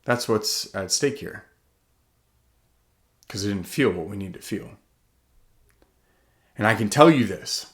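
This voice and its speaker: Speaking as an author, a man delivers an earnest, self-questioning motivational talk from the heart. His voice, on the low side with lively intonation, moves between loud, urgent stretches and slow, hushed ones.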